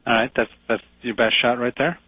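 A man rants in long, insulting tirades, bossy and full of himself. His voice sounds a little husky. The recording is dry and thin, like a phone line. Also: mid-range voice, little pitch movement, a little fast, no room sound. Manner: brash, insulting, rambling tirades. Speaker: comedian pushing a Brooklyn accent. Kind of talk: improvised comedy sketch.

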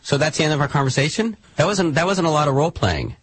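A man's voice: fairly high pitch, animated, fast talker, slightly rough. A man in an improvised comedy sketch, talking in a hesitant, flustered, stammering way. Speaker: comedic performer.

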